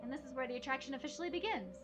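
A woman's voice: high voice, animated, racing, noisy background. A woman hosting a casual chat, upbeat and steering the conversation. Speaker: podcast host. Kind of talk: casual chat with guided narration.

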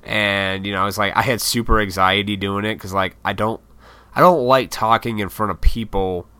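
A man's voice: on the low side, steady tone, normal speed, sharp tone, smooth, no echo. A man in his thirties, a YouTuber, in a casual, rambling, profane vlog monologue. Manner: rambling, profane, laid-back, self-deprecating.

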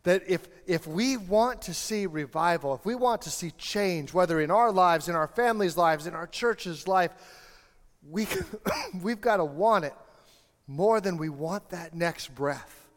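A man's voice: high-pitched, expressive, measured pace. A male pastor preaching a sermon, telling a story and building to impassioned appeals. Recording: long hall reverb, faint music.

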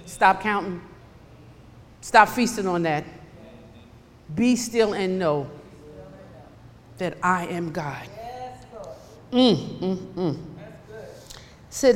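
A woman preaching a sermon, emphatic and animated, swinging between loud bursts and hushed asides. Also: lowish voice, very slow, long pauses, big-room sound.

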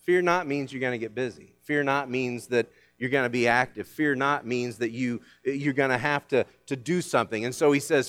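A man preaching a sermon as pastor, swinging from loud commands down to quiet asides. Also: mid-range voice, brisk, few pauses.

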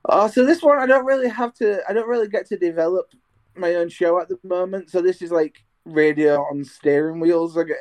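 Speaking from a bedroom still being decorated, a young man talks over a video call about learning to be a radio presenter. His delivery is casual and rambling, full of restarts. His voice is high-pitched, fairly quick and darkish in tone.

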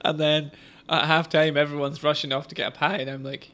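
A man's voice: on the high side, little pitch movement, fairly quick, fairly bright tone, slight background noise. A Scottish man co-hosting a casual football podcast, chatty and self-deprecating, laughing often. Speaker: podcast co-host.

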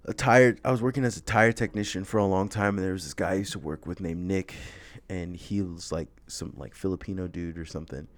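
A man's voice: deep voice, steady tone, brisk. A young man hosting a podcast, telling rambling stories in casual chat, laughing often and swearing freely. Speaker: podcast host.

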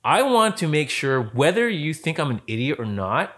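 A man in a casual conversation about film lighting. He tells stories in an animated way, acts out what people said, and often restarts his sentences. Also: a little high, moderate pace. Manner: animated storyteller, acts out quotes, many restarts. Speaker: lighting specialist guest.

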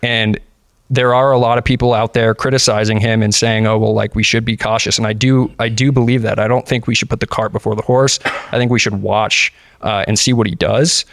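A man's voice: lowish voice, steady tone, brisk, vocal fry, fairly bright tone, dry recording. A man who is a guest on a podcast, talking earnestly about politics in casual discussion, often restarting his sentences. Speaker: podcast guest, libertarian activist.

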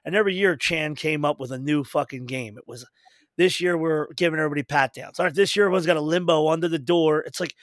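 A man hosting a casual podcast chat, swearing freely and telling animated stories. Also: fairly high pitch, quick pace, dry recording, clean studio sound. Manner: profane, animated storyteller. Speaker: host.

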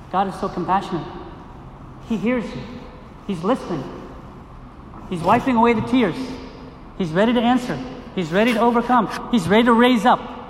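A man with a very high voice preaches a sermon, drawing in his listeners with questions and repeated phrases. He is recorded in an echoey gym with a long reverb tail. Faint noise sits underneath. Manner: animated preaching with rhetorical questions and repetition. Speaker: priest. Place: gym used for a liturgy.

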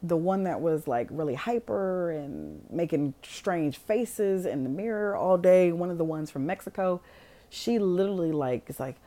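Woman, low mellow voice, lively swoops in pitch, casual swearing storyteller. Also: normal speed. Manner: animated, swears freely, acts out quotes.

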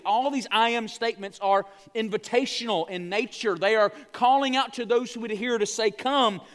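A man preaching a sermon as pastor, earnest and speaking straight to his church, slowing down on key phrases. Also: high-pitched, fairly bright tone. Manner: earnest, addresses the congregation directly.

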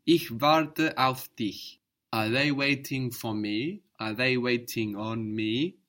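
In a slow, measured spoken language lesson, a male teacher explains patiently and carefully repeats words for his student to copy. His voice is mid-range and a bit bright.

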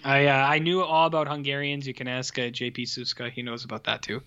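A man's voice: medium pitch, flat delivery, fast, sharp tone, smooth. A man co-hosting a podcast in a laid-back, rambling, joking way. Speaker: podcast co-host. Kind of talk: casual chat. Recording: dull lo-fi audio.

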